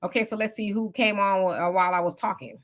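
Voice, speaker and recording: A woman's voice: mid-range voice, steady tone, fast talker. A woman hosting a livestream commentary, talking in a loose conversational way and firing off emphatic rhetorical questions. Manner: loose conversational street talk. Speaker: commentary host.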